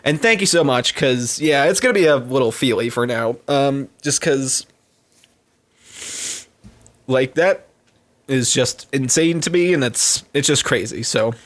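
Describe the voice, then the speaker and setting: A man's voice: medium pitch, lively intonation, a little slow, pauses often, fairly bright tone. Rambling heartfelt streamer man. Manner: rambling and heartfelt, many fillers and restarts. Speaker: live streamer. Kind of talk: casual chat to stream viewers.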